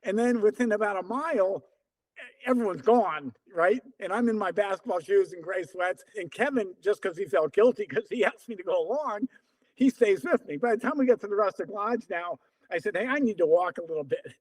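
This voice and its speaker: Lively older man with a high voice. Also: fairly quick. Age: about 70. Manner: lively, acts out remembered dialogue in quotes. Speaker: interview guest, veteran distance runner. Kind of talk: conversational storytelling.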